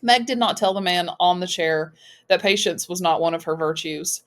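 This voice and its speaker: A woman reading a novel aloud as an audiobook, lifting her voice for the characters' lines. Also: normal speed. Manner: voices characters with raised pitch and volume. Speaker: audiobook reader.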